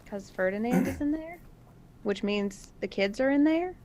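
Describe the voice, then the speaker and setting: A woman playing a tabletop game, chatting quickly and teasing the others. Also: sits high, lively intonation, dark tone, slight background noise. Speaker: player. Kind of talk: casual tabletop game chat.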